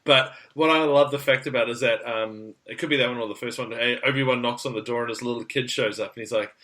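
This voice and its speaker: Man, New Zealand accent, casual podcast chat, jokey, bright voice. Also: mid-range voice, fast. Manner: animated, jokey, slangy. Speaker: podcast host.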